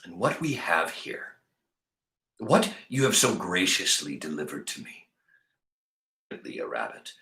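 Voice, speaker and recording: Brief: a male teacher playing a courtly gentle-giant tramp for a storybook read-aloud, low and unhurried, roomy sound. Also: wildly swooping pitch, heavily acted. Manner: slow, low, soft-spoken and formal. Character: huge gentle drifter man, courtly and kind.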